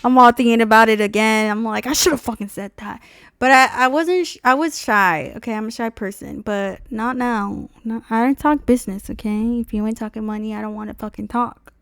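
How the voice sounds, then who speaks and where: A young woman streamer telling a dealership story in a casual, profane rant, acting out the people she quotes in loud high voices. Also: brisk, clear, resonant tone, no room sound, studio quality.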